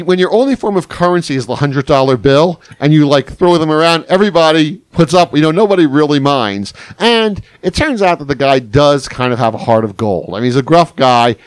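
Rambling, animated male storyteller. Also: fairly high pitch, dry recording. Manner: rambling, animated anecdote telling with crude quotes. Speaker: journalist guest. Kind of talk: casual storytelling chat.

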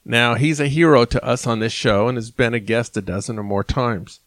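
Steady male podcast host. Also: medium pitch, brisk, no echo. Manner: steady, segues between topics. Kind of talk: hosting a talk show.

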